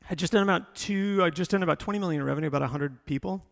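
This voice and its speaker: Gravelly middle-aged man, rambling. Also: high-pitched, rapid-fire, a bit bright, in a large hall. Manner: rambling, many fillers and restarts, storytelling. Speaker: tech company executive guest.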